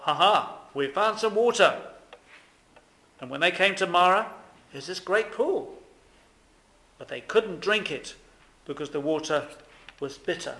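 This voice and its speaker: A man's voice: a little high, fairly bright tone. A man preaching a sermon, putting many rhetorical questions to his listeners. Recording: echoey room.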